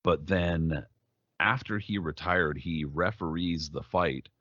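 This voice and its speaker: Profane male podcast co-host, very low voice, animated storyteller, dry and dull recording. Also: slow pace, no room sound. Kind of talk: casual chat.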